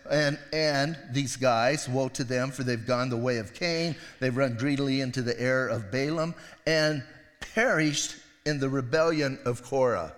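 A man's voice: mid-range voice, a little slow, fairly bright tone, long reverb tail. A middle-aged male pastor giving a sermon, retelling the story in a casual, conversational way with acted voices.

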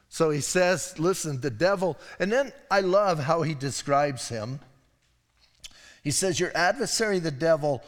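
A man preaching a sermon as pastor, in a conversational style with digressive asides and animated moments. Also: a little high, in a large hall. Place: church sanctuary.

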